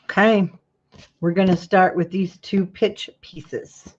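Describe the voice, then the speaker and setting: A woman's voice: fairly low pitch, steady tone, slow, highs cut off, slight background noise. Chatty woman teaching a craft. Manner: chatty, talks to viewers while working. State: yawning. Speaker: craft class host. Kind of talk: live craft tutorial.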